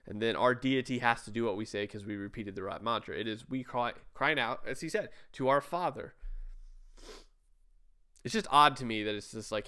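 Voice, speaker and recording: A man's voice: mid-range voice, moderate pace, sharp tone, clean tone. Man musing with rhetorical questions. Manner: conversational, hesitant restarts, rhetorical questions. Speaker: sermon reviewer. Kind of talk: casual commentary.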